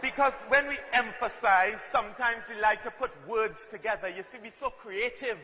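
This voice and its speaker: A Trinidadian man performs a comic monologue, playful and emphatic as he acts out everyday voices. His voice sits very high and sounds bright and forceful. It rings with a long hall reverb over faint noise. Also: moderate pace. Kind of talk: comic spoken-word performance.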